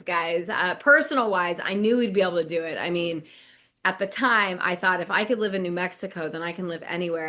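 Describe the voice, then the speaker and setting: A middle-aged woman from Nebraska, co-hosting a podcast and telling a story casually, acting out quoted lines and laughing often. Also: lowish voice. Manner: animated, laughs often, acts out quoted dialogue. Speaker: podcast co-host, business coach.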